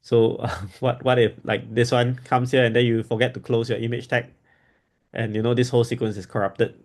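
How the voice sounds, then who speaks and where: A man's voice: mid-range voice, little pitch movement, fairly quick, darkish tone. A man hosting a casual technical discussion, explaining while thinking aloud and often repeating his words.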